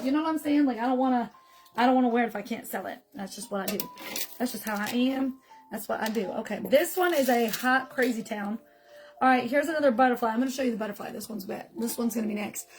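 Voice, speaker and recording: A woman's voice: a little high, a little mellow, low-quality recording. A woman selling jewelry on a live stream from her phone, chatting fondly and greeting viewers by name. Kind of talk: live-stream sales chat. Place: home, filming herself on a phone. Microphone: phone camera in selfie mode.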